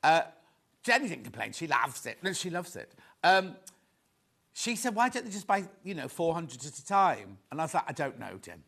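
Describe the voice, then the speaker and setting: Male shopping-channel host, slightly high, very lively pitch; chatty, rambling, excitable. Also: normal speed, vocal fry. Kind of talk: live selling chat.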